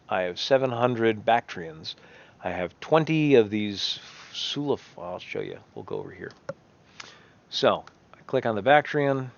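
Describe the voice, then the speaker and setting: A man's voice: on the low side, vocal fry, highs cut off. A man giving casual, rambling game commentary, often correcting himself as he thinks aloud. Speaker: gameplay commentator.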